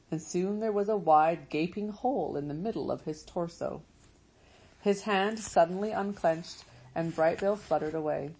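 A woman reading a storybook aloud as narrator, in a measured, steady way. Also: on the low side, husky, poor audio. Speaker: audiobook narrator.

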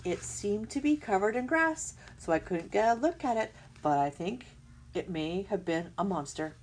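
A woman voicing an anxious, bossy male owl in a storybook, hooting and screeching in a high, agitated voice. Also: expressive, moderate pace, natural voice. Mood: announcing.

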